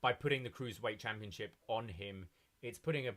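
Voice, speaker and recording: A man co-hosting a wrestling podcast, offering measured, analytical remarks in casual conversation. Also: lowish voice, a bit bright. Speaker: podcast co-host. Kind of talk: casual wrestling review chat.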